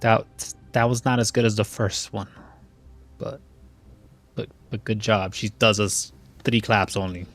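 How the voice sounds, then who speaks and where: Slow, low-voiced game master. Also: male voice, fairly even intonation, faint music behind. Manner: thinking aloud, unhurried. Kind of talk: narrating a tabletop game.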